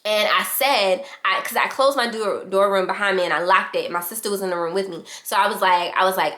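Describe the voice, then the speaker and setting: A young adult woman vlogger telling a casual storytime in a fast, animated way, acting out the quotes. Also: mid-range voice. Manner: fast-talking, animated retelling with quoted voices.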